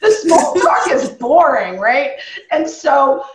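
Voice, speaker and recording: A New York woman hosts a podcast, telling stories conversationally and acting out the people she quotes. Her high voice is sing-song and slow, and the recording is rough and reverberant.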